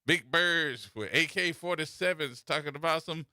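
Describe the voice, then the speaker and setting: A man's voice: fairly high pitch, normal speed, hardly any pauses, pushed and bright, no echo, studio quality. A man hosting a radio talk show, teasing and telling stories in a playful way.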